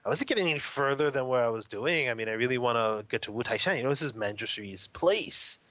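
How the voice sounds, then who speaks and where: A man's voice: medium pitch, lively intonation, fast, a bit bright, no room sound, natural voice. A man doing an indignant, impatient monk. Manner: indignant, complaining. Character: impatient young monk eager for enlightenment.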